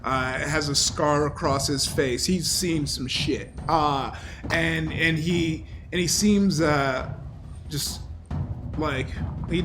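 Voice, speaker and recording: A man's voice: a little high, noisy background. A man running a tabletop game as game master, narrating loosely with lots of fillers and laughs.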